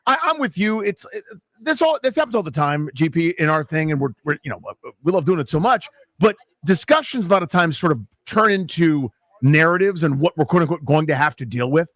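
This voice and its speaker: A sports talk radio co-host, a man whose voice sits a little high and swings widely up and down. He argues his points casually and often stumbles over repeated words. His voice sounds dry and close, with no room sound. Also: fairly quick, no room sound. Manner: animated, argumentative, repeats words when thinking. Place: live remote broadcast booth.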